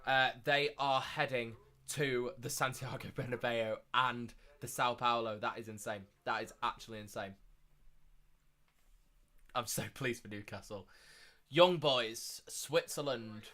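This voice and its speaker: A young man hosting a live watchalong stream, chatting casually and repeating himself, getting loud and excited at big moments. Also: mid-range voice, a little slow. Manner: excitable, repeats phrases, shouts when thrilled.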